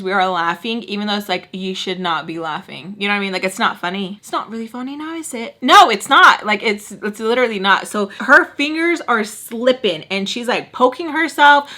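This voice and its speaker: Bright, animated woman telling a story. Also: mid-range voice, brisk, few pauses. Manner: animated, slangy, dramatic retelling. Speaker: vlogger. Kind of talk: storytime vlog, casual chat.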